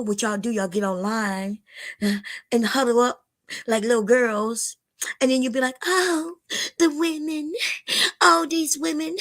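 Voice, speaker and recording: An older woman chats on her livestream in a blunt, preachy way, addressing her viewers directly. Her voice sits a little high and has a gravelly, fry-laden edge. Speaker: livestream host. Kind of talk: casual livestream chat.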